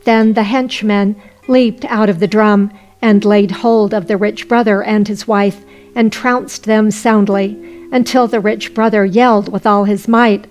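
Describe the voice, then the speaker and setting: A woman narrating a folk tale audiobook in a steady storytelling voice. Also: medium pitch, unhurried, lo-fi sound, faint music behind.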